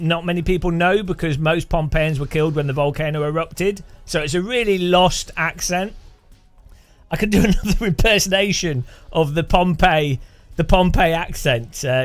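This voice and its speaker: A man's voice: fairly high pitch, fairly bright tone. A man from the UK hosting a game livestream, rambling and joking, often laughing, reading chat aloud. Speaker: game streamer.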